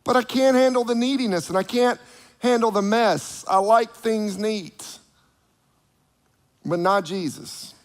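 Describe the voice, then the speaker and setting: Male preacher, high voice, lively delivery with acted-out voices, long hall reverb. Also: unhurried. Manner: animated, acts out the voices of people he quotes. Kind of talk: sermon.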